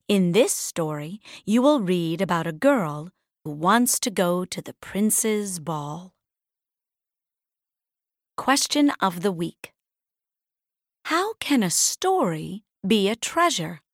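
A woman reading a children's fairy tale aloud, clearly and deliberately. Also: fairly low pitch, very animated, dry recording, clean studio sound. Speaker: storybook reader. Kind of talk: slow read-aloud storybook narration.

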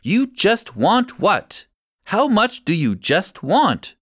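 A village woman with a sharp, interrupting manner, put on by a man reading aloud, her voice lifted high and swinging widely in pitch. She speaks in a storybook reading recorded dry and close, with no room around it. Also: huge pitch swings, no echo, exaggerated voice. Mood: accusing. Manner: accusing, quick to interrupt. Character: upset village woman, sharp then grateful. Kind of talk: audiobook reading.

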